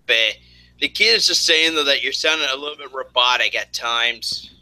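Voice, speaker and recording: A man's voice: mid-range voice, moderate pace, background noise. A man hosting a casual online chat show, rambling with many fillers and restarts, mildly hungover. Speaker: host.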